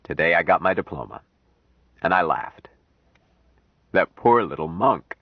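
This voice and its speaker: A man reading an audiobook, voicing a calm grown man raised apart from people, speaking slowly and earnestly. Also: low voice, no echo. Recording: dry, dull lo-fi audiobook recording.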